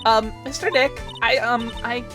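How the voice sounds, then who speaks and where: A woman's voice: on the high side, steady tone, moderate pace, fairly bright tone, natural voice. A woman voicing a shy, polite little girl who speaks hesitantly, with music behind. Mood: timid. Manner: timid, hesitant.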